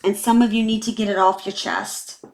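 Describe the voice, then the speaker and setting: Here a fortysomething tarot reader addresses her viewers directly, candid and emotional, on the verge of tears, with plenty of fillers. Her voice sits on the high side with a darkish tone, little pitch movement, and a moderate pace, and her manner is heartfelt and confiding throughout this emotional vlog.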